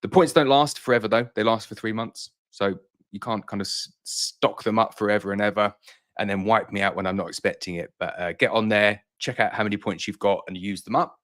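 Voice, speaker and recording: A man's voice: lowish voice, fairly quick, fairly bright tone. A man who runs a beekeeping business, answering viewer questions in a casual live-stream chat, slightly out of breath and reassuring in manner. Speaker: beekeeper and honey business owner hosting a live Q&A.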